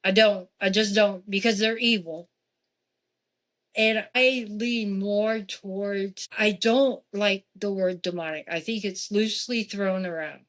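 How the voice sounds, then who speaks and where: A woman speaking at a mid-range pitch tells a personal story as a podcast guest. Her delivery is loose and conversational, with asides and restarts. She acts out quoted dialogue with real animation. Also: fairly bright tone.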